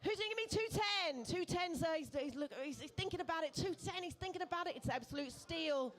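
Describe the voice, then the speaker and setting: High-voiced woman calling auction bids. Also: lively intonation. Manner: brisk, coaxing, playful banter with bidders. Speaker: charity auctioneer. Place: pub event room.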